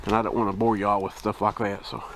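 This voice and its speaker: A man's voice: lowish voice, little pitch movement, fast, fairly bright tone, a little hiss or hum. An older man, talking casually and rambling while he hikes up a wooded trail, out of breath, into his camera mic. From Kentucky. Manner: rambling, folksy, with many fillers. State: out of breath from climbing. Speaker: outdoor vlogger. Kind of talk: casual narration while hiking. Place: wooded hillside trail outdoors. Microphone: camera microphone.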